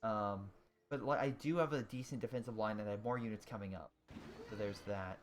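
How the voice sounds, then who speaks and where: A man's voice: fairly low pitch, a little fast. A man doing casual commentary over his strategy game, thinking aloud with fillers and restarts and reacting with groans and cheers. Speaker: gaming video host. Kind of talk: casual let's-play commentary. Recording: steady audible background noise.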